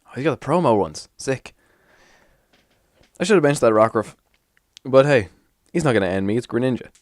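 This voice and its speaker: A young man giving casual, animated commentary as he plays a card game on his channel, swearing and mocking himself. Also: medium pitch, normal speed, dry recording, clean studio sound. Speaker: gaming YouTuber.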